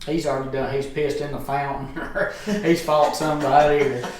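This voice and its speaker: A man's voice: fairly high pitch, flat delivery, moderate pace, slight background noise. A middle-aged man, a guest telling a profane, rambling story in casual chat. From Alabama, US. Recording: echoey room, distant mic.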